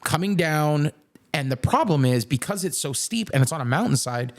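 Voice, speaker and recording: A man's voice: a little high, animated, moderate pace. Young male podcast host, profane and rambling, casual storyteller.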